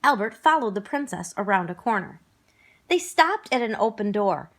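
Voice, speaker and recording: A woman's voice: medium pitch, very animated, moderate pace, a bit bright. A woman narrating a children's storybook aloud, acting out the characters expressively.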